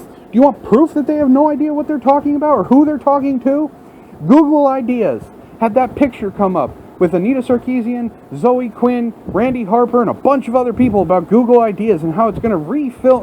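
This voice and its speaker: The recording has a lo-fi sound and slight background noise, and the man's voice is very high-pitched. He's a vlogger at work, in front of a large window, heatedly cursing through an unscripted rant into his phone.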